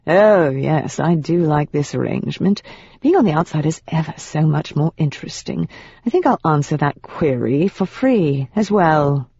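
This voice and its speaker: A narrator voicing a suave, shape-shifting demon with a proper British accent, speaking slowly and slyly in a low, soft voice. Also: expressive, breathy edge, no room sound. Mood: pleased. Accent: British (put on). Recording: dull, dry audiobook recording.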